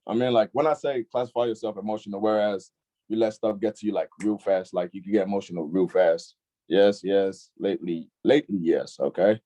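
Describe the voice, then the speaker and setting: A young man hosting a casual online youth discussion, laid-back and filler-heavy, often agreeing with a quick "facts.". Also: lowish voice, warm tone. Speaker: youth group discussion host.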